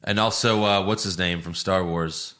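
A man's voice: sits low, steady tone, moderate pace, fairly bright tone. A man co-hosting a podcast, reading out entertainment news with wry, sardonic asides and casual chat.

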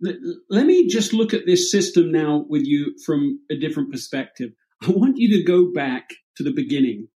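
A man interviewing a guest, encouraging her and gently asking about her family background. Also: fairly high pitch, lively intonation, moderate pace, hardly any pauses, rough recording. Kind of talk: interview questions.

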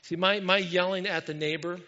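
A pastor telling a story in a sermon, animated and self-mocking, acting out what people said. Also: male voice, sits high, a little fast, in a large hall, dull audio.

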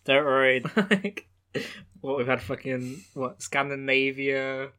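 A man's voice: mid-range voice, slow, pushed and bright. Podcast guy, mid voice, jokey, swears a lot, casual. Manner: reactive, swears often, jokey. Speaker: podcast co-host. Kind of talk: casual chat.

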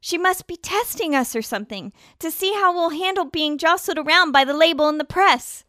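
A woman's voice: very high-pitched, brisk, dry recording, clean studio sound, full character voice. A woman voicing an eager, theatrical young female band leader in an amateur audio drama. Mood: wry. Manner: theatrical, excitable.

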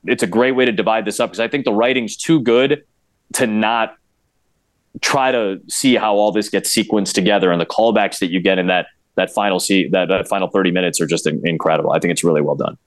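A man guesting on a podcast, talking about a film in an eager, casual way with many quick restarts. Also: lowish voice, no echo. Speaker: podcast guest, play-by-play broadcaster. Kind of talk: casual chat.

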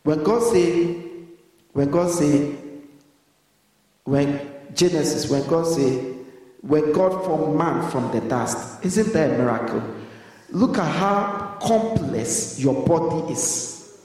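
A man preaching a sermon as pastor, pausing so the congregation can finish his sentences in call-and-response. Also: fairly high pitch, a little mellow. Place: church hall. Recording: echoey hall, voice from far off.

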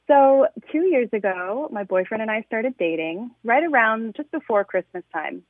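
A woman's voice: fairly high pitch, lively intonation, normal speed. Gushing woman caller on a tinny phone line. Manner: enthusiastic, gushing. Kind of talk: telling a story on a call-in show.

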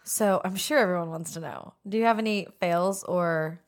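Woman, lower pitch, casual podcast chat, wry asides. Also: moderate pace. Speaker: podcast co-host.

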